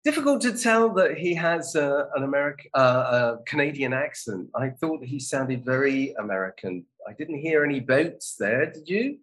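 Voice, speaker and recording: A man hosts a casual live show, introducing videos with relaxed, wry asides. His voice sits at a middle pitch. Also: normal speed, hardly any pauses, poor audio. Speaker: host reacting to videos.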